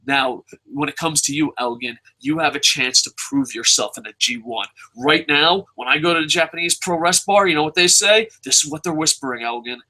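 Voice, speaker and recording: Bright-voiced man ranting, profane and heated. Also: on the high side, fairly quick, few pauses, poor audio. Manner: profane, heated, emphatic, repeats phrases for effect. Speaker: podcast host reviewing wrestling. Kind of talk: opinionated solo podcast rant.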